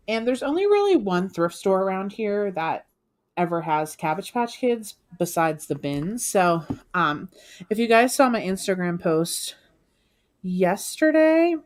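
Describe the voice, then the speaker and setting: A woman co-hosting a live reselling stream, venting at length in a talkative way with many fillers. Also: on the low side. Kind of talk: casual live-stream chat.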